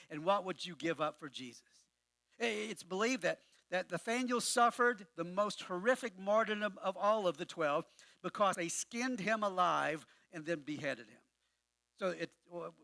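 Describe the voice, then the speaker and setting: A man's voice: sits high, pushed and bright, dry recording. A man pastor preaching a sermon in a conversational way, often repeating words as he restarts, with wry humorous asides. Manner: conversational with frequent word repetitions.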